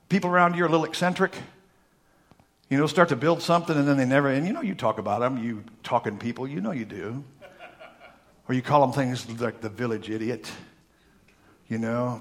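A middle-aged man pastoring a church, telling folksy stories in a sermon that build to loud, emphatic preaching. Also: medium pitch, moderate pace, pauses often.

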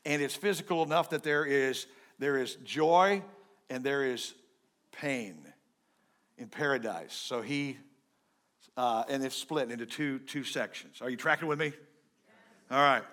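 A pastor preaching a sermon in a joking, conversational way, swinging between loud and soft. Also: male voice, mid-range voice, a little slow, pauses often.

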